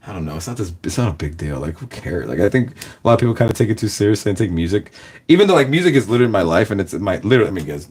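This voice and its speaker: A man's voice: lowish voice, darkish tone. Laid-back guy from LA rambling to his viewers, like like like, laughs a lot. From Los Angeles. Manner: rambling, fills every phrase with "like", laughs often. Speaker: reaction video host. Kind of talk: casual chat.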